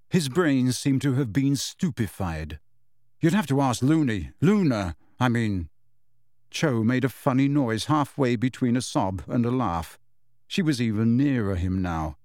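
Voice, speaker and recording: Brief: male storybook narrator, measured and expressive, mid-pitched, dry and close. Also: no echo. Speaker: audiobook narrator. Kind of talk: scripted narration.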